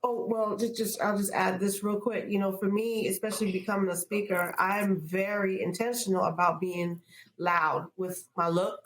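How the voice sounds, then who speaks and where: A woman's voice: medium pitch, steady tone, normal speed. A woman speaker on a podcast panel, talking in an emphatic, playful way. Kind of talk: casual panel chat. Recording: roomy echo.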